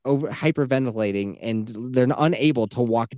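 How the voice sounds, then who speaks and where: A man's voice: mid-range voice, a little fast, dark tone, no echo. A man co-hosting a podcast in casual chat, rambling through stories, swearing freely and laughing at his own jokes. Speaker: podcast co-host.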